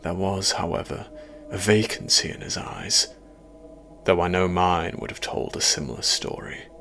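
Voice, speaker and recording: A man narrating a first-person horror story in a measured, quietly ominous way. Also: low voice, creaky, a little hiss or hum.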